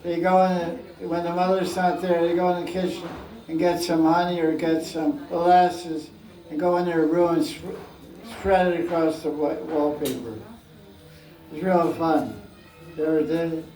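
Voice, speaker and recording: A man's voice: on the high side, fairly even intonation, normal speed, dark tone. A man giving a scripture class as spiritual teacher, telling stories playfully and acting out scenes, recorded from a distance in an echoey room.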